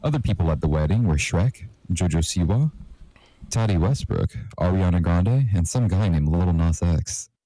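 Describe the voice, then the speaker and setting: A young man hosting a comedy show, reading fan fiction aloud deadpan and putting on voices for the characters. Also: low voice, moderate pace, no echo, low-quality recording. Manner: reads deadpan, with playful put-on character lines.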